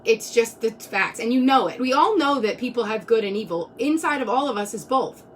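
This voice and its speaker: A woman's voice: a little high, expressive, fairly quick, recorded from a distance, a little hiss or hum. A woman in her twenties telling a personal story casually on a live stream, rambling with many fillers. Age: 20s. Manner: rambling, many "like"s, laughs between lines. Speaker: vlogger.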